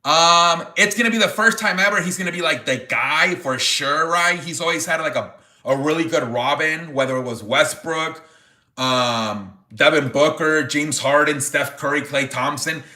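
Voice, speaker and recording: A man hosting a casual live-stream sports chat, excitable and profane, reacting loudly to viewer donations. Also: fairly high pitch, moderate pace, reverberant. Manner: excitable, swears, exclaims "holy frijoles" over donations. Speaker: livestream sports show host.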